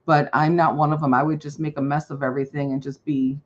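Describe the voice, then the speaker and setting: A woman's voice: deep voice, little pitch movement, fast. A woman chatting casually on a crafting livestream in an easygoing, agreeable way. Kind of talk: casual chat. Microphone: video call. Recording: dull, slightly noisy call audio.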